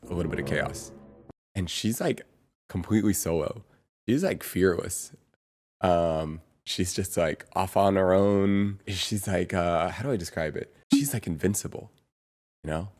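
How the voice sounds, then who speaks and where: A man's voice: low-pitched, a little mellow. A man chatting casually on a stream, rambling and searching for words with lots of fillers and the odd chuckle. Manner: chuckles between phrases. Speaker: streamer's brother, guest on stream. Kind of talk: casual chat.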